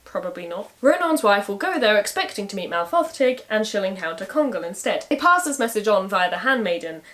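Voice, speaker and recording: A woman's voice: mid-range voice, sing-song, brisk, fairly bright tone. A woman retelling a medieval saga in a casual way, with wry, sarcastic asides. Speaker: storyteller.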